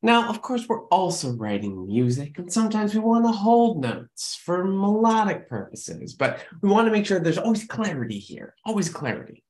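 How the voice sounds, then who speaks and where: A man's voice: high voice, big pitch swings, moderate pace, hardly any pauses, darkish tone. A man who writes musical theatre, giving an emphatic lesson to camera and often checking in with the viewer. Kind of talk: educational talk to camera. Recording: echoey room.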